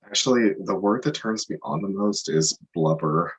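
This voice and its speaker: A man co-hosting a podcast in relaxed, dryly amused casual chat. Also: lowish voice, normal speed, breathy edge, poor audio. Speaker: podcast co-host.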